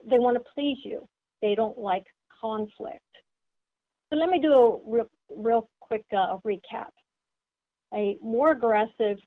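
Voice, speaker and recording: A woman giving an instructional seminar talk, explaining step by step and acting out sample greetings. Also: fairly high pitch. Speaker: seminar presenter. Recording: tinny phone-like sound.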